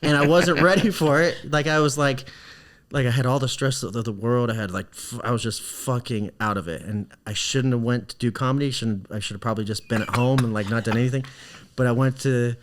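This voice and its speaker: A man's voice: medium pitch, brisk. Man, thirties, comedian, casual storytelling, laughing, swearing, podcast mic. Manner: animated, laughing, swears freely. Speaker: podcast guest, stand-up comedian.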